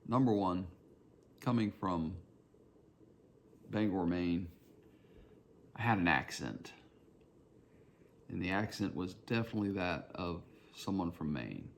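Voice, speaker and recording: A man's voice: low-pitched, lively intonation, takes it slowly, vocal fry, pauses often, slight background noise. A man with a Southern Georgia accent, hosting his own podcast in a reflective, rambling solo monologue. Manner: reflective, meandering, personal storytelling. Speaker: podcast host.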